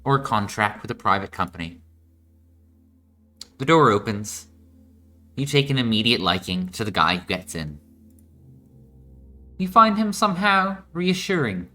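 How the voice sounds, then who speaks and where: A man's voice: on the low side, bright, forceful tone. A man reading a story game's text aloud and making casual, swearing asides as a let's play host, while ill. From United States.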